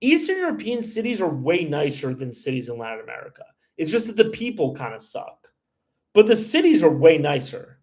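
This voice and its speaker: A man's voice: on the high side, huge pitch swings, a little fast, a little mellow. A man hosting a livestream, answering viewer comments in a blunt, heated, ranting way. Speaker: livestream host. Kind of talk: live stream chat answering viewers.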